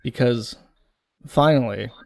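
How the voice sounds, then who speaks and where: A man's voice: medium pitch, slow, gravelly, a little mellow. A man co-hosting a podcast, talking bluntly and mockingly in casual commentary, with plenty of swearing. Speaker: podcast co-host.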